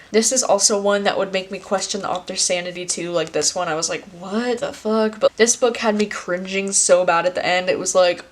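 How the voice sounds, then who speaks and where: A young woman in her twenties talking casually to camera about books. She speaks in a mid-range voice, leans on "like" as a filler and swears freely. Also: medium pitch. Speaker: book video creator. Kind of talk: casual chat.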